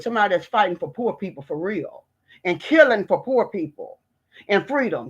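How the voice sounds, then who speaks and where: A woman's voice: mid-range voice, sing-song, moderate pace, husky, dull audio. A woman from the United States, a vlogger delivering an impassioned political rant in a fiery, preachy, emphatic way.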